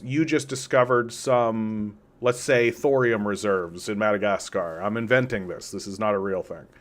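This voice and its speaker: Rambling low-voiced man hosting political commentary. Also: fairly bright tone. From Canada. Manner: casual and rambling, acting out imagined quotes in mocking voices. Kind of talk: unscripted livestream commentary, reading chat comments.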